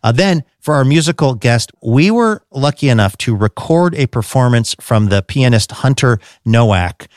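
A man's voice: mid-range voice, lively intonation, normal speed, few pauses, no room sound. A man hosting a radio show in a studio, reading show previews in an upbeat, conversational way.

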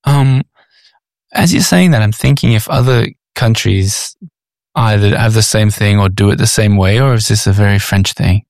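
A man's voice: lowish voice, moderate pace, vocal fry, a little mellow, no room sound. An Australian man hosting a podcast, asking his guest questions in a hesitant way, thinking aloud as he goes. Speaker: podcast host. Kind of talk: conversational interview.

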